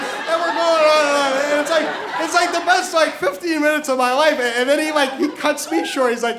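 A man with a strikingly high voice tells a personal story, tripping over his words and repeating himself as he goes. He chuckles lightly along the way. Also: steady tone, brisk, hardly any pauses, a crowd in the background, background noise. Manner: stammering, repeats words, chuckles through the telling.

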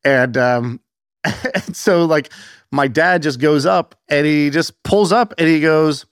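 This is a man in his thirties chatting on a podcast, an animated storyteller who laughs a lot. His voice sits a bit high. The sound is dry and close. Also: slow pace, clean tone, no room sound. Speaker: podcast guest. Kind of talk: casual podcast chat.

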